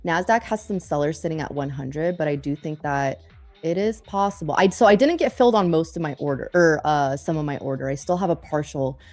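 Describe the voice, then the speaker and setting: A young woman with a lowish voice chats casually on a live trading stream, lively and quick to laugh as she tells stories between trades. Faint music runs underneath her talk. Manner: chatty, animated storyteller, laughs often. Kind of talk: casual chat while day trading.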